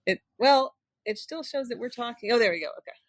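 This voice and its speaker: A chatty female podcast host who laughs easily and narrates what she is clicking. Her voice sits a little higher than most and sounds close and dry, with no room around it. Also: expressive, brisk, no room sound. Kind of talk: casual live podcast chat.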